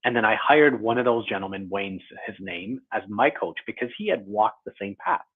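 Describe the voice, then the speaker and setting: A man's voice: lowish voice, normal speed, slightly rough. A man in his forties, a guest author, talking through his career in a reflective, lightly self-deprecating way. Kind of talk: conversational interview. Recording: tinny phone-like line.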